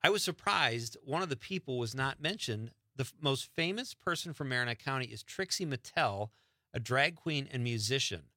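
Male radio host, casual rambling chat, bright tone, dry studio mic. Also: mid-range voice, animated, normal speed, no echo. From Wisconsin. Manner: chatty, rambling name-dropping.

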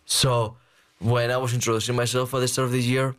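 A man's voice: mid-range voice, a little fast, clean tone. A young man from Spain with a Spanish accent, a guest chatting casually and telling stories full of "like". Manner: relaxed, filler-heavy storytelling with frequent "like". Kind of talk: casual chat.

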